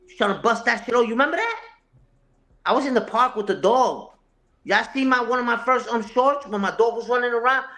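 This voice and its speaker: A man whose voice sits high and swings widely in pitch. He sounds confrontational and profane, repeating phrases for emphasis as he talks without a script. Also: fairly bright tone. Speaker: interview guest, online content creator. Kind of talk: heated unscripted talk, answering a live chat.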